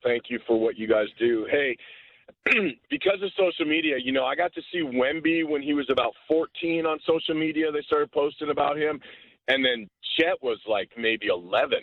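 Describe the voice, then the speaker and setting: A man's voice: a little high, animated, normal speed, no echo. A man calling in to a sports radio show, rambling and meandering through his point over a tinny phone line. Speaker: caller. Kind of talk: rambling call-in talk.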